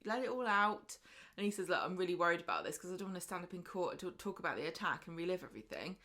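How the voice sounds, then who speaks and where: A woman's voice: lowish voice, expressive, very fast, a bit bright. A woman co-hosting a podcast, chatting casually as she recaps a soap and acts out the characters' lines. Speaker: podcast co-host.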